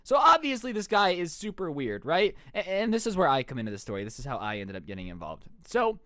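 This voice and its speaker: A young man telling a story on his stream, his fairly high voice swinging widely as he jokes. He talks in slang and throws in disbelieving asides. The recording is dry and close, with no room sound. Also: fast, no echo. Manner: animated, joking, slangy, with mock-incredulous asides. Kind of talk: casual storytelling on a livestream.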